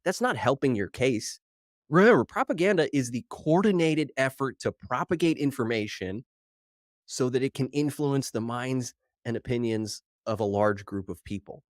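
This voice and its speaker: A man hosting his own podcast solo, talking in an animated, worked-up way and slightly out of breath from too much coffee, mocking the headlines he reads. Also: mid-range voice, normal speed, no room sound, clean studio sound. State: over-caffeinated, slightly out of breath. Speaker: podcast host.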